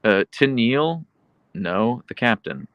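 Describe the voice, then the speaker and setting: Male streamer, chatty rambler, animated intonation, dry close sound. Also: mid-range voice, takes it slowly, dry recording, lo-fi sound. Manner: rambling and chatty, with many fillers and self-corrections. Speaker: livestream host reading chat. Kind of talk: casual livestream chat.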